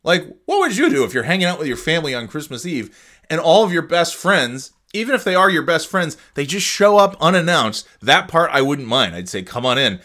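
A man rambling casually as a podcast host, swearing freely as he retells a story. His voice is bright and sharp, and his pitch swings widely from line to line. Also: brisk. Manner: rambling, profane, animated retelling. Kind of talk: casual chat.

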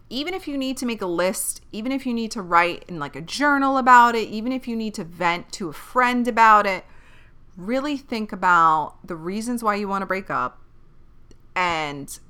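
A woman's voice: mid-range voice, bright, forceful tone. A young woman hosting a podcast, talking casually and candidly like a big sister, rambling, correcting herself and swearing freely. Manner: chatty, rambling, self-correcting. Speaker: podcast host. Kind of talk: casual advice chat.

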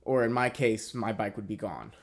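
A man's voice: fairly low pitch, animated, normal speed, creaky. A young man telling a story in casual chat, rambling and swearing, with lots of fillers. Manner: rambling, profane, many fillers.

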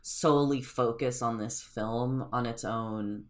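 A woman's voice: a bass voice, steady tone, takes it slowly. A woman co-hosting a film podcast, talking thoughtfully and hedging with likes and ums. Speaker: podcast co-host. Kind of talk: casual film podcast chat.

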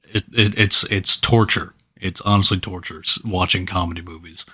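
Low-voiced man making dry jokes. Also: fairly even intonation, normal speed, sharp tone, breathy edge. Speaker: podcast co-host. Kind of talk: casual movie review chat.

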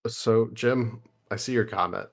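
A man's voice: fairly low pitch, a little slow, vocal fry. A young man co-hosting a casual podcast, telling crude stories in a rambling, jokey way. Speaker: podcast co-host.

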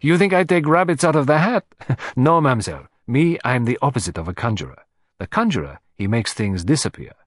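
Theatrical older Belgian detective, read by a man, pompous, playful, animated pitch, dry close recording. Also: dry recording. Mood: amused. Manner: pompous, playful, dramatic pauses.

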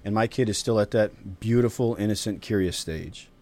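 Low-pitched male host, reflective storyteller, casual round-table chat. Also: normal speed, mellow. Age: father of a young child. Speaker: podcast host.

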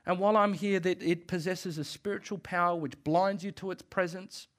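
A man's voice: sits high, steady tone. Emphatic man preaching a sermon. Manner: emphatic, repeats phrases, quick laughs. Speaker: pastor.

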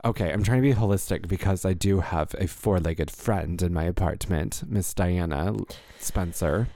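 A man's voice: deep voice, moderate pace, mellow, dry recording, studio quality. Tipsy man joking on a podcast. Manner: loose, joking, rambling. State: a little tipsy. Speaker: podcast co-host. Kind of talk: casual comedic chat.

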